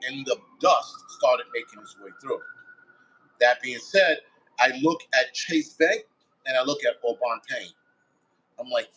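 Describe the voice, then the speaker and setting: His voice sits at medium pitch but swings widely, sounding pushed and bright at normal speed, and the audio is poor. The man, a firefighter guest, tells a casual first-person story with blunt, heavy swearing, acting out his thoughts as quotes.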